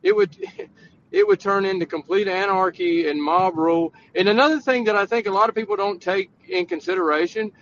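A man's voice: high voice, a little fast, a bit bright, muffled recording, a little hiss or hum. A man running for office, arguing bluntly and emphatically in a call-in podcast debate. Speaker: political candidate.

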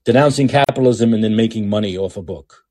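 A podcast host giving ranting political commentary, heated, profane and repetitive. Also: male voice, on the low side, fast, mellow.

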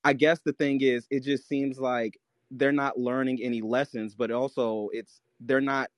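A man's voice: mid-range voice, level tone, moderate pace, dry recording. Rambling man on a call-in, dry sound. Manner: rambling, filler-heavy, joking. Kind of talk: casual political chat.

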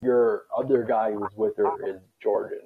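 A man joining a casual call-in chat, cutting in with jokes and quick remarks. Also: on the low side, steady tone, narrow, tinny audio. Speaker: call-in participant.

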